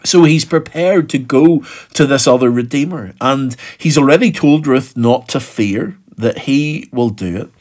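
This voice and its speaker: A man's voice: mid-range voice, measured pace, few pauses, a little mellow. A middle-aged male pastor giving an earnest devotional reflection on a Bible story, with the occasional filler between phrases. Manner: earnest, acts out quoted voices.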